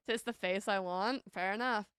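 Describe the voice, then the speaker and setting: A woman with a Northern English accent chats loosely with her viewers on a live stream, often stumbling over her words and laughing. Her middle-pitched voice sits close to the mic in a dry, dead room. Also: a bit bright, smooth, dry recording. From Northern England. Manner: chatty, laughs often, stammering restarts. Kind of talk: casual chat with viewers.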